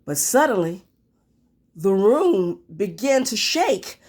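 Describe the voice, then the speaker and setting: Teacher, woman, storybook reading lesson; unhurried, sing-song delivery. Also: medium pitch. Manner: expressive, with thinking-aloud pauses.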